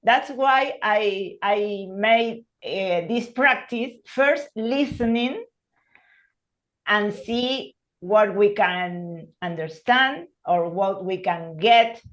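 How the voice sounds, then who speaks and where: A woman whose first language is Spanish teaching an English class on a video call, speaking slowly and hesitantly. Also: mid-range voice, a bit bright, highs cut off. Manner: slow, hesitant, searching for words. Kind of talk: online class.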